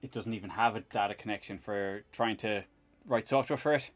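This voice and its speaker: A man's voice: on the low side, brisk, soft background music. A man hosting a live stream in casual chat while he tinkers, rambling, laughing often and swearing casually.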